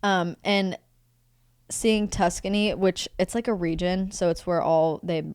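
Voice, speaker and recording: A young adult woman, a guest on a comedy podcast, talking in an animated, emphatic way and laughing often during casual banter. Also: fairly low pitch, measured pace, clean tone, dry recording, clean studio sound.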